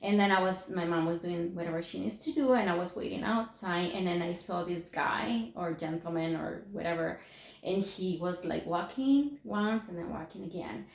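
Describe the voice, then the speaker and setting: A woman's voice: on the low side, normal speed, creaky. A middle-aged woman tells a personal story to a class, rambling with many fillers and restarts. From Mexico. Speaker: class speaker. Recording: echoey room.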